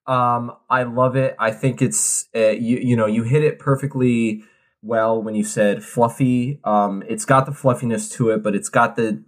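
A man co-hosts a casual beer podcast with an easygoing, rambling way of talking. His pitch sits in the middle, and he drifts between loose chat and reading out a can label. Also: fairly even intonation, unhurried. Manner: laid-back, rambling, reads labels aloud. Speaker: podcast co-host.

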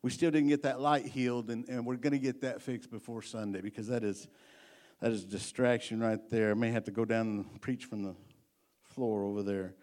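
A man's voice: mid-range voice, steady tone, a little fast. A male pastor giving a midweek sermon in a church, chatting folksily between readings and rising to fervent preaching. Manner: rises to fervent, loud preaching when reading and praying. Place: church sanctuary.

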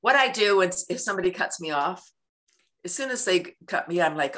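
Woman interview guest: bright, animated and expressive, breaks into laughter, plays out everyday moments. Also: lowish voice, brisk. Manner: animated, laughs often, acts out everyday scenes. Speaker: guest, laughter yoga advocate. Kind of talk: casual interview talk.

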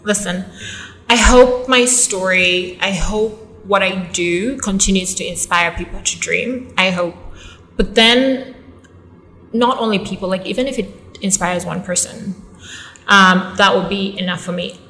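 A woman's voice: medium pitch, a little slow, bright, forceful tone, poor audio. A young woman from Uganda, an actress and model, talking candidly and thoughtfully as an interview guest. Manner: thoughtful, candid, many fillers. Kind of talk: reflective interview talk.

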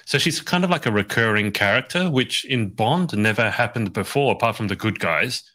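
A man's voice: fairly low pitch, animated, normal speed, pushed and bright. An Australian man hosting a podcast, chatty and self-deprecating, often restarting his sentences. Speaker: podcast host. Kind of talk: casual chat.

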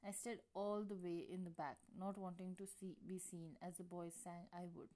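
A woman's voice: fairly low pitch, little pitch movement, normal speed, dark tone. Woman reading a story in first person. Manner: first-person narration with casual slips and restarts. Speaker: reader. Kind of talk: reading fan fiction aloud.

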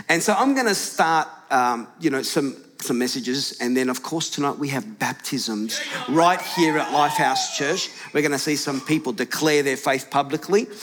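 Pastor preaching in a reverberant church. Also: male voice, medium pitch, fairly bright tone. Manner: conversational, with fillers and restarts. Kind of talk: sermon. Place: large church auditorium. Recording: long hall reverb in church.

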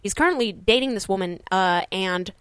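A woman comedian trading wry, deadpan jokes in relaxed podcast talk, now and then jumping into animated bits. Her voice sits at a middle pitch for a woman, and the recording is dry and close with no room echo. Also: normal speed, smooth. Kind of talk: casual podcast chat.

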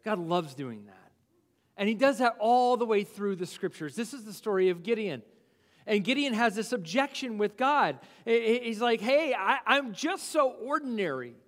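A male pastor preaching, who animatedly acts out biblical figures' objections in quick asides. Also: sits high, expressive, big-room sound. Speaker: lead pastor. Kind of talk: sermon. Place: church sanctuary.

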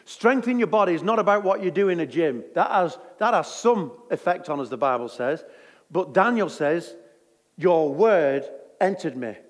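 A preacher delivering a sermon with a fairly high voice. He jokes easily and chats with the congregation, and his voice carries a long echo around a big church hall. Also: normal speed. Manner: jokey, conversational, lively.

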